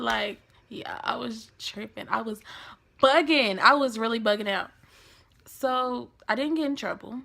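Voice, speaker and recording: Bright, gravelly young woman telling a story. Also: a little high, a little slow. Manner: animated, acts out quoted lines; casual slangy talk. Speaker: vlogger. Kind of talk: storytime vlog.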